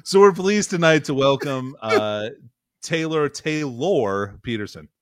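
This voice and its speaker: A man co-hosting a podcast, chatting casually with sarcastic, deadpan jokes. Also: mid-range voice, unhurried, dry recording. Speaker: podcast co-host. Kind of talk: casual chat.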